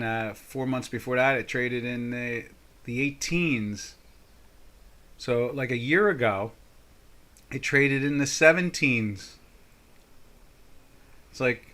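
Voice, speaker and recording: A man's voice: mid-range voice, a bit bright. An older man hosting a live trading session, giving casual market commentary with folksy, jokey asides and mock exasperation. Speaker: trading webinar host.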